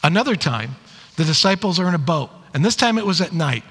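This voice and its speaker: A man preaching a sermon, telling stories in an animated way and acting out the quoted lines. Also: on the high side, fairly quick, slightly rough. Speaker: pastor. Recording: long hall reverb.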